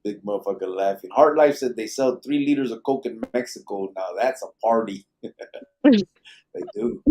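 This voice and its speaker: A man's voice: fairly low pitch, fairly quick, mellow. A middle-aged man hosting a live late-night podcast, reading viewer comments in a laid-back, profane, joking way. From Arizona. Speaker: podcast host.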